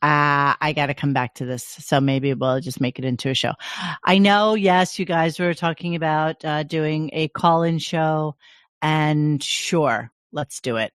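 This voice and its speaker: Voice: mid-range voice, steady tone, a little slow, fairly bright tone, smooth, no room sound, clean studio sound. Chatty rambling podcast host. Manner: chatty, rambling, laughing asides. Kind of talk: casual chat.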